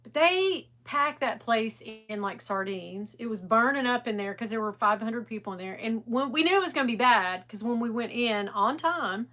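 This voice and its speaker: Bright, chatty middle-aged woman. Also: on the high side, moderate pace. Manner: chatty, rambling, greets viewers by name; animated. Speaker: livestream host. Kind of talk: casual livestream chat.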